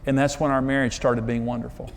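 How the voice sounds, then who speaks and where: A man's voice: flat delivery, fast talker, gravelly. A man giving a conversational sermon on marriage, earnest and emphatic, telling stories about himself with self-deprecating candor. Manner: earnest, emphatic storytelling with sudden pitch jumps. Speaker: marriage teacher and TV host.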